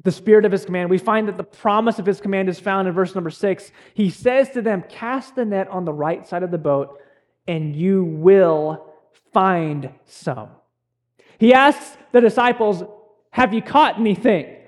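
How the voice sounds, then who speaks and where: A young male pastor delivers a sermon in a high-pitched voice. He talks in an earnest, conversational way, pausing and restarting as he goes. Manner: earnest, conversational preaching with many pauses and restarts.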